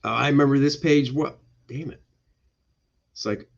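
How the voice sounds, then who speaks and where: A man's voice: mid-range voice, moderate pace, gravelly, long pauses, highs cut off. A male comic book artist giving casual, jokey commentary on his pages during a livestream. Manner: playful, jokey, slips into goofy voices.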